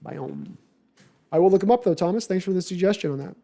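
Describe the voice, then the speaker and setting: A man hosting a casual live stream, reading viewer comments aloud and answering them with quick asides and self-corrections. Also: sits high, mellow. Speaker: livestream host answering viewer chat. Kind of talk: casual live chat about football.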